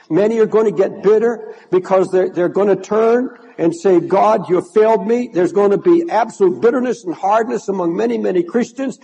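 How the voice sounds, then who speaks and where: An older male pastor in full sermon, his voice husky and mellow yet pitched high. He preaches with passion, doubling back on words as he drives each point home. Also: poor audio. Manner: impassioned preaching, repeats words.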